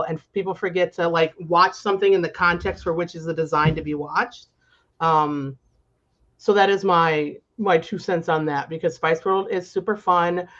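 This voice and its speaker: A woman's voice: fairly low pitch, moderate pace, fairly bright tone. A woman co-hosting a podcast in casual chat, talking freely with lots of fillers and swearing. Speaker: podcast co-host. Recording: slightly dull lo-fi audio.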